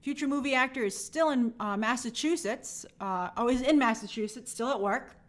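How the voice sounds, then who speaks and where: A woman's voice: fairly high pitch, normal speed. A woman hosting a live stream, chatting casually and greeting viewers by name in an upbeat, friendly way.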